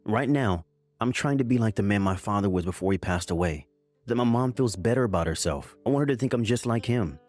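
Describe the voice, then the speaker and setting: A man's voice: on the low side, animated, a little fast, darkish tone, soft background music, close to an everyday voice. A man playing a defensive, evasive husband in a dramatized story, placating and brushing off complaints. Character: defensive, evasive husband trying to please his mother.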